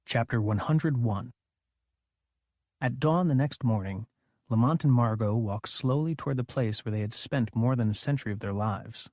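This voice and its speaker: A man narrating an audiobook in the third person with a calm, even reading. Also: mid-range voice, normal speed, no echo, studio quality.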